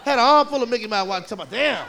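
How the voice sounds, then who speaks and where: A man doing stand-up, telling a profane story loudly and acting out the voices of the people in it. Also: very high-pitched, rapid-fire, noisy background. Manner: loud animated storytelling, profane, acts out voices. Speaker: stand-up comedian. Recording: live club recording with crowd laughter. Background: audience laughing.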